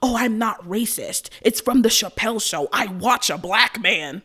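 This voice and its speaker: A woman's voice: medium pitch, expressive, normal speed, a bit bright, breathy edge. A woman mockingly imitating a gushing, clueless young woman in a sing-song voice.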